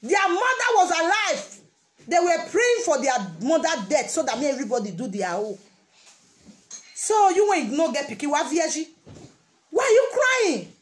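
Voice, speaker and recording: A woman's voice: high voice, sing-song, normal speed. A woman with a Nigerian Pidgin English accent giving a casual motivational talk, repeating her phrases for emphasis. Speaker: vlogger.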